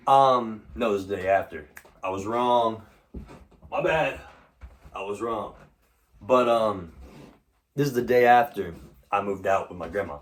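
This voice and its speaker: A man's voice: lowish voice, measured pace, long pauses. A young man telling a personal story in a casual, rambling way, swearing often and filling gaps with ums and likes. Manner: rambling, profane, full of fillers; gets louder and more animated in later stretch. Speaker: vlogger.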